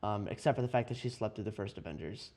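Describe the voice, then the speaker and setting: A young man hosting a podcast, talking about movies in a casual, animated way with frequent laughs. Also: on the low side, quick pace. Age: young adult. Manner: animated, laughs often, many restarts. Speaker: podcast host. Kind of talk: casual chat.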